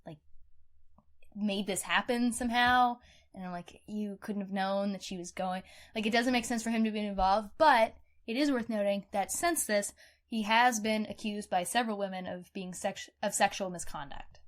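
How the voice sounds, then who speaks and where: A woman co-hosting a true-crime podcast in casual chat, animated and outspoken, swearing freely. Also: mid-range voice, normal speed. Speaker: podcast co-host.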